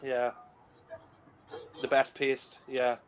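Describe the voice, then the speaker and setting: Man, casual fan commentator, middle pitch, giggly, film music underneath. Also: completely flat delivery, extremely slow. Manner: laughs often, amused and chatty. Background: film soundtrack music playing.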